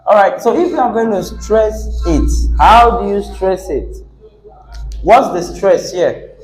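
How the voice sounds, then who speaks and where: A man's voice: sits high, expressive, slow pace, soft background music. A man teaching an English class on word stress, asking students questions and repeating words with the stress moved around. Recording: echoey classroom.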